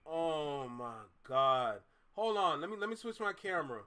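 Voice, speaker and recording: A man's voice: on the high side, expressive, unhurried, bright, forceful tone. A man with a Caribbean accent hosting a live reaction video, exclaiming, laughing and slipping into patois.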